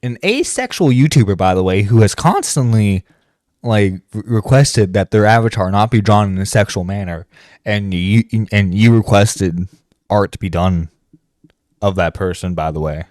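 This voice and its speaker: A man's voice: lowish voice, animated, moderate pace, darkish tone, dry recording, clean studio sound. A man hosting a reaction stream, bluntly cursing and stammering through restarts. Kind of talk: profane reaction commentary.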